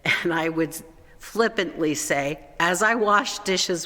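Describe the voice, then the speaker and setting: A pastor delivering a slow, gentle sermon, letting phrases fall softly at the ends. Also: medium pitch. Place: church sanctuary. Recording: echoey church hall.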